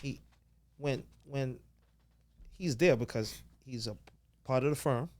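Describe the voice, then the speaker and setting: A man of middle pitch co-hosts a podcast in a relaxed, conversational way. He nudges the story along and backs up his guest with frequent affirmations. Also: takes it slowly, slight background noise. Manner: frequent affirming back-channels. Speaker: podcast co-host. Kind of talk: casual interview chat.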